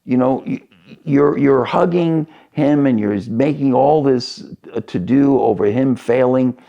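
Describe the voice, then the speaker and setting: A man's voice: unhurried, vocal fry, lo-fi sound. A man voicing an upset older brother who pleads indignantly with his father in a raised voice. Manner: indignant, pleading, rising pitch.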